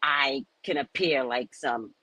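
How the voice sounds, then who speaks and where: In a poor recording with no echo, a woman with a rumbling low voice reads slowly from a spiritual book. She keeps breaking off into animated, candid commentary, laughing as she goes.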